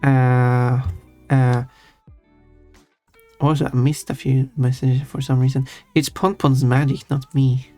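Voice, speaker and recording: A man's voice: mid-range voice, little pitch movement, slow pace, long pauses. A man streaming live, chatting casually and teasingly with his chat and chuckling often. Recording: faint music under voice. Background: soft background music.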